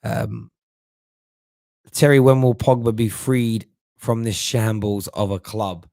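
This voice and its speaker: A middle-aged man hosts a live stream in a casual, chatty way, often tripping over and repeating words mid-thought. His voice sits fairly low, and the recording is dry and close with little room sound. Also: steady tone, slow, creaky, warm tone, dry recording. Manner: chatty, stumbles and repeats words while thinking. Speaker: host of a football fan live stream. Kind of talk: casual live-stream chat reading viewer comments.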